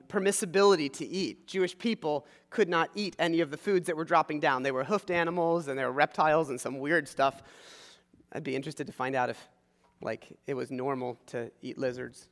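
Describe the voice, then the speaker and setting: A man preaching a sermon as pastor, retelling a story in an animated way and acting out the voices of the people in it. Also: sits high, in a large hall.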